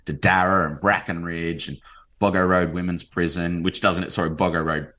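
A very low-pitched Australian man in his forties chats as an interview guest. He talks in an animated, rambling way, piling on fillers as he tells his stories. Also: normal speed. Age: 40s. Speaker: novelist guest. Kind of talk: casual interview chat.

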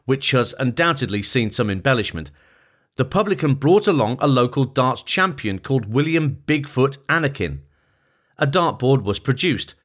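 A man narrating a long-form feature article as scripted narration, in a measured, even reading voice. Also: mid-range voice.

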